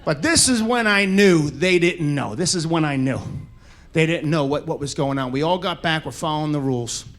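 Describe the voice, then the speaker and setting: A man doing stand-up storytelling, shouting punchlines and acting out the people in his stories. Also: a little high, normal speed, a little hiss or hum. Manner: animated, shouts punchlines, acts out characters. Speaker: stand-up comedian. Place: comedy stage.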